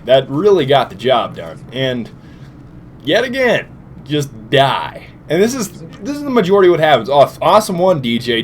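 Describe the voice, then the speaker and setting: A tired young man giving casual, jokey gameplay commentary with sudden loud outbursts. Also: mid-range voice, a little hiss or hum. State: tired, short on sleep. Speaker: gaming commentator.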